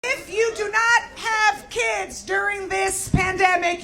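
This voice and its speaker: A woman doing stand-up, shouting an exasperated rant about her kids. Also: very high voice, measured pace, hardly any pauses. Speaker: stand-up comedian, parent. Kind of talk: stand-up routine. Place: comedy club stage. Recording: loud crowd and heavy noise.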